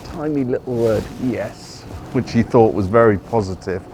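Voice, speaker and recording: On a street recording with traffic in the background, a man with a mid-range voice speaks at normal speed. He gives casual, rambling walking-tour narration and frequently corrects himself.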